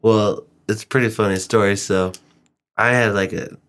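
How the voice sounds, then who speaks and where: A man's voice: on the low side, fairly even intonation, normal speed, a bit bright. A young man from Nevada co-hosting a podcast, chatting casually, laughing often and swearing. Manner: laid-back, laughs often, swears a lot. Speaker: podcast co-host. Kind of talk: casual chat.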